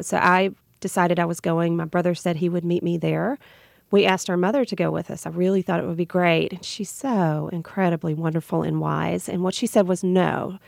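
A woman with a Southern US accent, a radio guest telling a heartfelt personal story. Her voice is gravelly with heavy vocal fry and sits a little low. The sound is close and dry. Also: darkish tone, no room sound. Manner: earnest and reflective, laughs through emotional moments.

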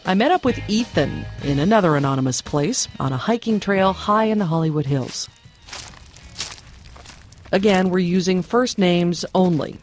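A man hosting a radio show, introducing guests and segments in a measured, even way. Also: a little high. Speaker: radio host.

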